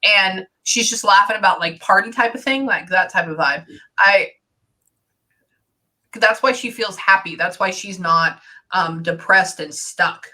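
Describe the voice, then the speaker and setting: A woman's voice: medium pitch, measured pace, sharp tone. A woman working as a psychic medium, giving a casual spirit reading and rambling with lots of "like". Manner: rambling, heavy use of "like".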